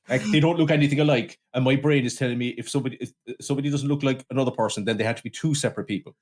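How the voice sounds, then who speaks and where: A man riffs through a casual film review on a podcast. He rants animatedly, swears often and slips into little acted-out quotes. His voice sits at an ordinary middle pitch. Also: rapid-fire, hardly any pauses, a little mellow. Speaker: podcast co-host.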